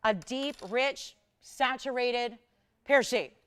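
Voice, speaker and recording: A woman hosting a live shopping channel, chatty and animated as she pitches jewelry and prices. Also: smooth. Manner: animated, chatty, sells with rapid price talk. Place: television studio.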